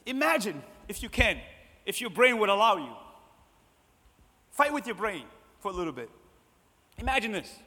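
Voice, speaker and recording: Male preacher, bright and high-pitched, emphatic and then hushed in turns, sermon recorded in a reverberant sanctuary. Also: very animated, moderate pace, pauses often. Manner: repetitive, swings between loud emphasis and soft hushed lines. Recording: long hall reverb.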